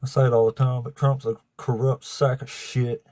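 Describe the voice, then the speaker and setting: A man's voice: medium pitch, little pitch movement, normal speed, warm tone, no echo. A man hosting a livestream of debates, chatting casually with viewers, swearing freely and laughing often. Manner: profane, laughing, talks to chat.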